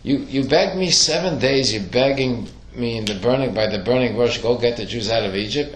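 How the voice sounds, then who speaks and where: A man teaching a class, middle-pitched and lively, throwing questions at his listeners and acting out the voices in his stories. The room is echoey and bare. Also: moderate pace, few pauses. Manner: questioning, animated storytelling with acted quotes. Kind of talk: classroom Torah lesson.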